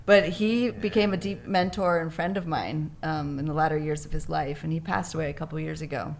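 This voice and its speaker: A woman's voice: sits low, steady tone, fairly quick, gravelly, a little hiss or hum. A woman, a guest artist in an interview, speaking reflectively with small restarts. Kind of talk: conversational interview.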